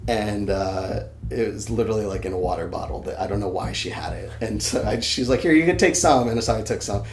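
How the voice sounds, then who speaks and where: Guy telling a spooky story on a podcast, swears a lot, gets loud, roomy echo, bit of hiss. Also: on the low side, fairly quick. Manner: animated, swears freely, acts out his own shouts. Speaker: podcast guest. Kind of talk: casual storytelling. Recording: echoey room, faint background noise.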